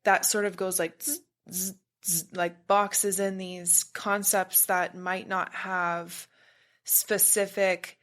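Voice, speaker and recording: On a podcast, a spiritual practitioner chats casually in a medium-pitched, level, slightly bright voice at a slow pace. She takes a meandering, exploratory route through her thoughts, occasionally buzzing to demonstrate something.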